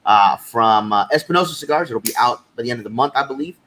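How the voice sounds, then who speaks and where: A man co-hosting a podcast in casual chat, relaxed and talkative with frequent fillers. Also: mid-range voice, fast, low-quality recording. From California. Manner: relaxed, chatty, with many fillers. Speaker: podcast co-host.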